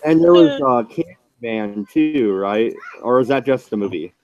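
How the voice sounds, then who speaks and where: A man chatting casually on a voice call, quick to crack jokes and laugh at them. His voice comes through dull and lo-fi, with a dry, close sound and no room around it. He sits in the middle of the pitch range. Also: animated, a little mellow, no room sound. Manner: joking, laughs often. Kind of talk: casual chat.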